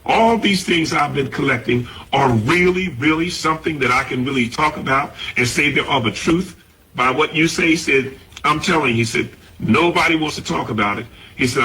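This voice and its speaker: A man tells a story about his collecting, repeating what another man told him. His mid-pitched voice has a bright, forward edge. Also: poor audio. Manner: recounts a conversation, quoting the other man. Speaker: collector of artifacts.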